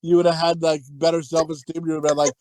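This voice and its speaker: A man's voice: fairly high pitch, quick pace, no echo. A man co-hosting a crude, casual movie-review podcast, laughing often and acting out quotes. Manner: lively, laughing, acts out quotes. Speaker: podcast co-host.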